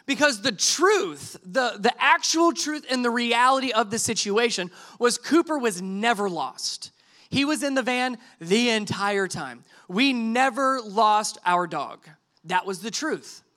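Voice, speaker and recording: A man in his thirties preaches through a comic family anecdote, voice pitched high and ringing bright. He acts out each line of dialogue and pokes fun at himself as the story builds toward its lesson. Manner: animated storytelling, acts out quotes, self-deprecating asides. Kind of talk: sermon illustration told as a story.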